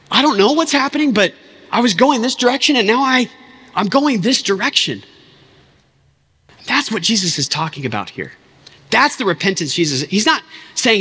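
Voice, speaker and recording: Pastor, male, 30s, earnest and chatty from the pulpit, bright tenor, big church hall reverb. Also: sits high, husky. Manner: impassioned, conversational, lots of "like" asides. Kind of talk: sermon.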